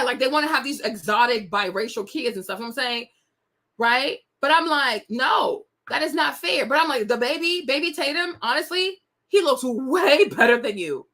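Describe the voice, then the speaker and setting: Speaking straight to her audience, this young gossip-show host sounds sassy and indignant. She has a high pitch and a bright, forceful tone as she chats casually about celebrities.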